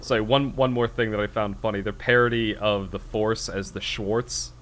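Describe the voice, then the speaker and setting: Low-voiced man rambling on a podcast. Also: fairly even intonation, normal speed, fairly bright tone, a little hiss or hum. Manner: rambling, self-deprecating, laughs often. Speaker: podcast co-host. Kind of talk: casual chat.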